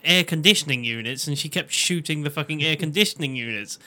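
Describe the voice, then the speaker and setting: A man with a somewhat higher voice, joking sarcastically on a casual podcast. He mocks the plot and swears freely. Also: fast talker, bright, forceful tone. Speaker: podcast co-host. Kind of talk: casual chat.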